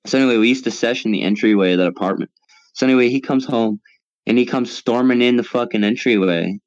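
A man's voice: medium pitch, quick pace, a little mellow, dry recording. A man in a casual group voice chat, telling a long story in a rambling, profane way. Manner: profane, rambling storyteller, talks over others. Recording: dull, lo-fi mic.

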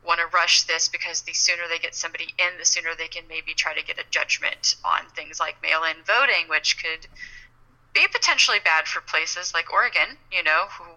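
A woman's voice: lowish voice, a little fast, pushed and bright, poor audio. A woman co-hosting a podcast in casual chat, wry and rambling, often restarting her sentences. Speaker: podcast co-host.

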